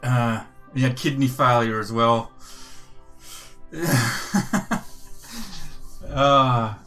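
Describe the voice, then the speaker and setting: A man's voice: medium pitch, steady tone, unhurried, sharp tone. Older british man, casual livestream chat, rambling, swears a lot, faint music behind. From United Kingdom. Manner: rambling and profane, with frequent swearing and restarts. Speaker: gaming livestreamer.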